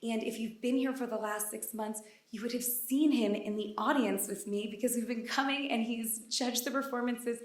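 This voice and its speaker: A woman's voice: a little high, steady tone, normal speed, few pauses. A woman in her late thirties telling a candid, wry personal story to a live audience on stage. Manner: candid, wry and self-deprecating. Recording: echoey hall, voice from far off.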